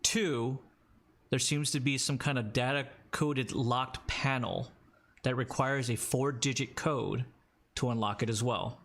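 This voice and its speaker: A man's voice: mid-range voice, steady tone, measured pace, a bit bright. A man narrating a tabletop role-playing game as game master, describing scenes with small hesitations.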